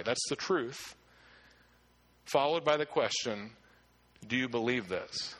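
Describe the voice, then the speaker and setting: Bright-voiced male pastor preaching. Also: medium pitch, expressive, takes it slowly, pauses often. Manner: earnest, emphatic preaching with frequent restarts. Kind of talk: sermon.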